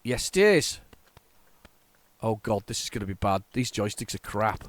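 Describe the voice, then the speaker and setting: A man hosting a retro gaming channel, giving chatty, excitable gameplay commentary with jokey, self-mocking asides to his viewers. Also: on the low side, moderate pace, no echo. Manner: excitable, chatty, talks to viewers while playing.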